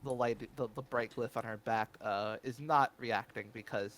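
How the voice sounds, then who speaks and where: A man's voice: mid-range voice, fairly even intonation, moderate pace, a bit bright, slight background noise. A man narrating a tabletop game as game master, hesitant and stopping often to restart. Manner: hesitant, lots of fillers and restarts.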